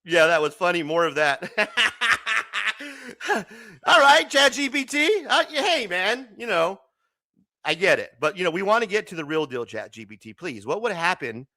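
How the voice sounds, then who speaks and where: Lively high-voiced male livestream host. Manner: animated, chatty and joking, often laughing and swearing. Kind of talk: casual late-night livestream chat.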